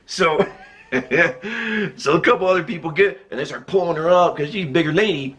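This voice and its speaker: A man with a rather high voice tells a personal story in a relaxed, casual way. He is animated and jokey and keeps breaking into chuckles as he talks. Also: moderate pace. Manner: chuckles often while telling.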